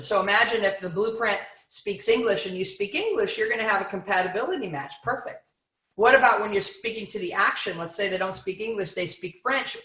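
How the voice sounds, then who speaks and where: A woman giving an energetic, playful seminar talk to an audience, full of rhetorical questions. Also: on the low side, echoey room. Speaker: motivational speaker.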